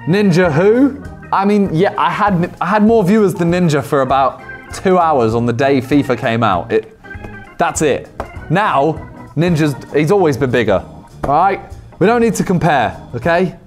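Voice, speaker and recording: Lively young man reacting. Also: a little high, moderate pace, faint music behind. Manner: teasing, animated, self-mocking. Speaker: YouTuber reacting to fan posts. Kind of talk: casual reaction commentary.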